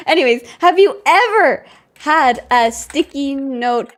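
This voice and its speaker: A woman's voice: sits high, expressive, slow. A woman game streamer chatting casually to her viewers, scatterbrained and laughing often as she thanks members. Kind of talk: casual live-stream chat.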